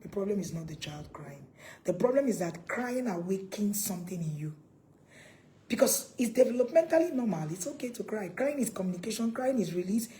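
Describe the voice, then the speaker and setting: Speaking fairly quickly and animatedly in a mid-range voice, a woman delivers a preachy parenting talk to camera on a rough recording. As a parenting coach, she asks viewers questions, hammers her points home by repeating them, and breaks into loud mock scolding.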